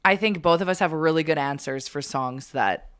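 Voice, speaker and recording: Morning show co-host, woman, lower-pitched and smooth, playful teasing banter. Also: a bit bright. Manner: teasing, quick-witted.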